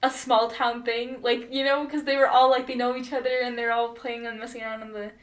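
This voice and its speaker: Young woman, high bright voice, casual rambling chat, lots of fillers, slightly off-mic. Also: level tone, fairly quick, far from the mic. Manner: rambling storyteller, many fillers, bursts of laughter.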